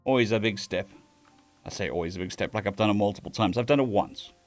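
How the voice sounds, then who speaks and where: A man's voice: lowish voice, quick pace, faint music behind. A man reading a story aloud on a live stream, with casual restarts and asides to chat.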